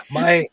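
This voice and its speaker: A man's voice: fairly high pitch, pushed and bright, breathy edge, no room sound. A man hosting a live sewing stream over a video call, chatty and self-mocking, greeting viewers by name. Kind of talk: casual chat.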